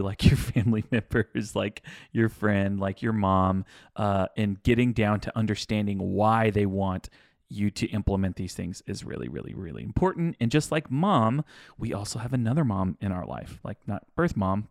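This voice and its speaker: A man's voice: on the low side, expressive, moderate pace, gravelly, a little mellow, no echo, studio quality. A young man co-hosting a podcast, chatting casually and joking easily. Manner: easygoing, agreeable, joking. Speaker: podcast co-host. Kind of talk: casual chat about wedding planning.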